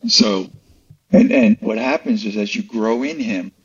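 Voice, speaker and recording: In a low, slightly rough voice at a measured pace, a male interview guest earnestly talks through his faith in a casual exchange, frequently starting his sentences over. The audio is lo-fi, muffled and far from the mic.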